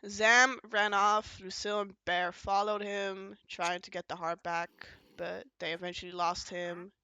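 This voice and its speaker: A podcast host with a bright, clear, crisp voice tells a long recap in casual chat. The host rambles with many fillers and restarts, jumping from point to point and slipping into quoted lines. The sound is close and dry. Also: mid-range voice, little pitch movement, measured pace, dry recording, highs cut off. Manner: rambling, filler-heavy storytelling that jumps between points.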